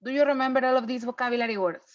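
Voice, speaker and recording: Brief: woman English teacher, higher voice, patient "okay?" check-ins, muffled online class audio. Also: racing. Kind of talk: online class review lesson. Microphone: video call.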